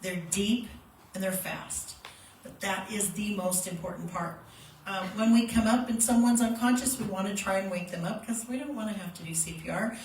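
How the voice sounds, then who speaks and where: A woman's voice: medium pitch, normal speed. Woman CPR instructor, practical and demonstrative, handheld mic a bit off, roomy space with faint background hum. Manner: plain, practical, demonstrative teaching with acted-out shouts. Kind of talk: hands-on first aid workshop. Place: workshop room with a live group. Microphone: handheld microphone. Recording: echoey room, mic held at a distance, faint ambient noise.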